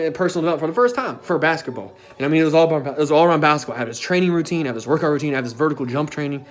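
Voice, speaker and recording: A young man telling a personal story in a casual, emphatic way, as a self-development coach. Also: on the high side. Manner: casual and emphatic, with frequent filler tags and swearing.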